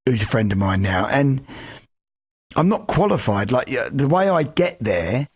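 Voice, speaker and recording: A man's voice: mid-range voice, big pitch swings, a little slow, husky. A man co-hosting a podcast, talking earnestly in casual chat with stumbling restarts and the odd swear word. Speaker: podcast co-host.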